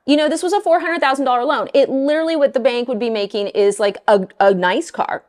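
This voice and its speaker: A middle-aged woman mortgage lender talking casually to her viewers, blunt and animated, often exasperated. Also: high voice, fast, few pauses.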